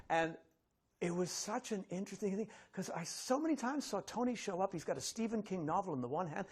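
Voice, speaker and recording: A middle-aged man, an actor, telling an animated story to an audience and acting out the voices of the people in it. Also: high voice, brisk, slightly rough. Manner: animated, acts out voices of others in his stories.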